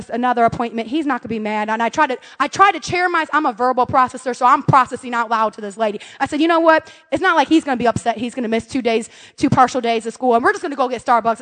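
A middle-aged woman telling a personal story with expressive, exasperated energy. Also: high voice. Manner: expressive, rising to loud exasperation. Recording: long hall reverb.

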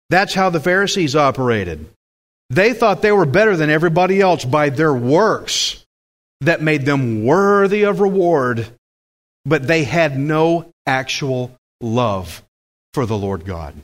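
A man's voice: fairly high pitch, very animated, measured pace. A man preaching a sermon with emphatic delivery, putting questions to the congregation.

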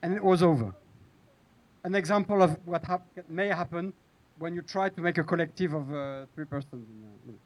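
Male screenwriter, panel guest, slightly high voice, stumbling and restarting as he talks. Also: low-quality recording. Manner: halting, many restarts and fillers. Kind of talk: hesitant panel talk.

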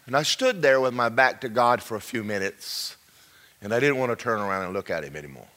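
Impassioned preacher, wide swings. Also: male voice, lively intonation, fairly quick. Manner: swings from loud high exclamations to hushed whispers. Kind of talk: sermon testimony.

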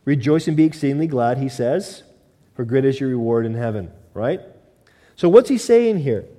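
A man's voice: mid-range voice, lively intonation, normal speed, warm tone. Man preaching in a reverberant hall. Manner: conversational preaching with mock quoted voices. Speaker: pastor. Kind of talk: sermon.

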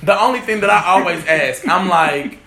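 Animated high-voiced man host, echoey. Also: moderate pace, slight background noise. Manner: animated, joking, slips into mock voices. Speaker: podcast host. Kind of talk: casual chat.

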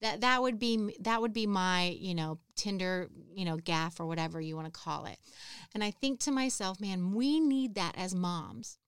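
Chatty woman podcast host, smooth voice. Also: mid-range voice, a bit bright, no room sound, studio quality. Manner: chatty, self-deprecating, laughs often. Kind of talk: casual solo podcast chat.

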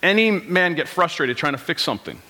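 A man's voice: a little high, expressive, fairly quick, sharp tone. Conversational man preaching in a reverberant hall. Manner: conversational preaching, rhetorical questions, quotes people in voices. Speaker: pastor. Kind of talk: sermon. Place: church sanctuary.

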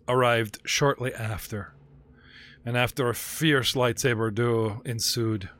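A caged fallen Jedi master, a male alien sunk in despair, as a man puts him on at a tabletop game. He speaks at an ordinary middle pitch, bitter and self-pitying, and drops curses into his grim telling. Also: fairly bright tone. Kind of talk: tabletop role-play character voice.

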